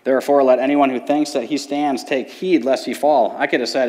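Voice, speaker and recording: A man's voice: medium pitch, fairly quick, a little mellow. Man, thirties, earnest testimony, quoted voices, hall reverb. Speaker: church testimony speaker. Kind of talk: personal testimony talk.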